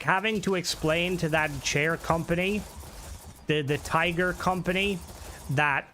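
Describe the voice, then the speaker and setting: A man's voice: a little high, a bit bright. A young man hosting a casual live stream, rambling through stories and swearing often into a desk mic. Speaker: livestream host.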